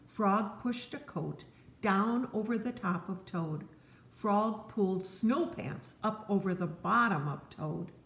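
An older woman reading a children's chapter book aloud, with gentle, chatty asides to young listeners. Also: medium pitch, animated, slow pace, vocal fry. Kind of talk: read-aloud storytelling for kids. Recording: roomy echo.

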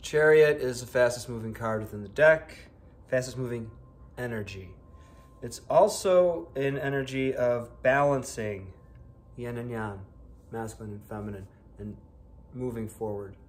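A man's voice: medium pitch, measured pace. A man from Buffalo, New York, giving a casual, chatty tarot reading with playful exclamations. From Buffalo, New York, United States. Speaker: tarot reader.

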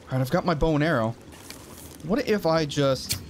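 Playing a survival horror game for a let's play, this gaming channel host jumps at scares, exclaims in fright and talks to himself under his breath. He speaks at a normal pace in an expressive voice on the high side. Slight background noise is present.

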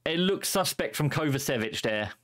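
A young man calls the action of a football management game in a fairly high voice, playful and quick to chuckle. He jumps between match commentary and bad puns with an excitable, streamer-style delivery.

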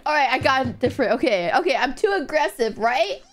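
A woman streaming a game, playful, giggly and excitable, talking to her chat. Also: high voice, brisk, slight background noise.

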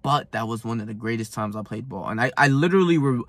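A man's voice: medium pitch, animated, fast, no echo. A man telling a rambling, profane story in casual chat, heated and full of fillers. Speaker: self-improvement vlogger.

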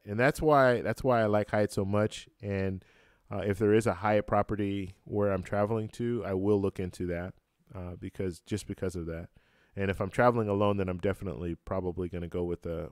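Man, live-stream host, relaxed rambling chat, many fillers, smooth tone, dry close mic. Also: low voice, dry recording. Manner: relaxed, halting, many fillers and restarts, laughs easily. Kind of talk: casual live-stream chat reading comments. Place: home room with a computer fan. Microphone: close-up microphone.

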